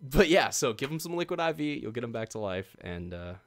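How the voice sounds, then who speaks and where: A man's voice: medium pitch, very animated, a little fast. A man hosting a casual podcast, chatty and laid-back, laughing often and filling gaps with ums, reading a sponsor spot in the same easy tone. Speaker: podcast host.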